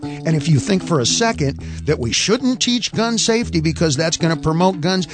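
A man performing a stand-up comedy rant, animated and opinionated, often mimicking other people's voices. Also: fairly high pitch, normal speed, soft background music.

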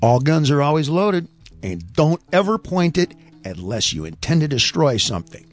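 A man performing a stand-up comedy rant, animated and opinionated, often mimicking other people's voices. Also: a little high, normal speed, faint music behind.

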